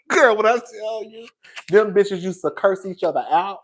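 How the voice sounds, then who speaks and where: Male gossip host, sassy and profane, animated commentary with frequent laughs, slightly tipsy. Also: high-pitched, normal speed, pauses often. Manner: sassy, profane, laughs often, acts out loud shouted impressions. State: a little tipsy.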